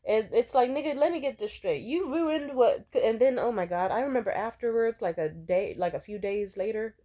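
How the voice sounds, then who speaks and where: A woman's voice: on the high side, moderate pace, mellow. A young adult woman telling a personal story to camera, blunt and profane, talking casually with lots of fillers. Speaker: vlogger.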